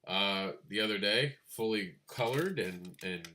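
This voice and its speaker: A man co-hosting a casual chat about comic book crowdfunding, animated and quick to laugh. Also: a little hiss or hum. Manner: animated, laughs, mimics others in a high voice. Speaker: podcast co-host.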